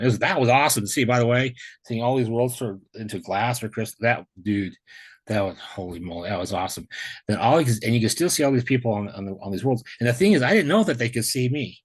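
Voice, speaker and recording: A man sharing a near-death experience in casual storytelling on a video call, excited and rambling, full of restarts and slang. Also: medium pitch, breathy edge.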